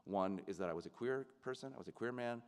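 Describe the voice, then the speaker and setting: A middle-aged man gives a commencement speech in an earnest, reflective way, at a middle pitch. His voice carries a long reverb from a large venue and reaches the podium mic. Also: quick pace, a little mellow, smooth. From United States. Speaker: commencement speaker, actor.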